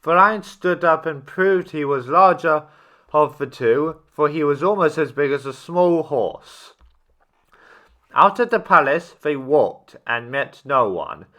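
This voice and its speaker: A man reading a children's story aloud, steady with small slips and restarts. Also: a little high, takes it slowly.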